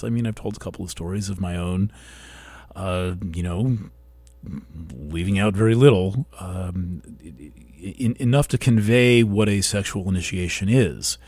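This man sounds like a weekly talk show host, his lowish voice carrying a darkish tone. He muses aloud in a slow, thoughtful monologue, pausing and starting over as ideas form. The sound is close and dry, free of any room reverb.

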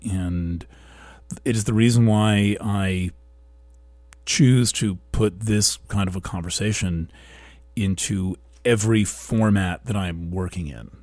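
A man hosting a weekly show, talking in a slow, thoughtful monologue that halts and restarts as he searches for words. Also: sits low, dry recording. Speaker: host. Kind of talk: reflective monologue.

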